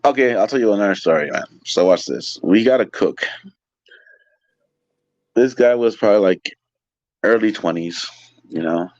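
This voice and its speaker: Low-voiced man telling wild stories. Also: moderate pace, long pauses, no echo, lo-fi sound. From California. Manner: animated, swears a lot, lots of "like" fillers. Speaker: guest, restaurant waiter. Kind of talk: casual storytelling.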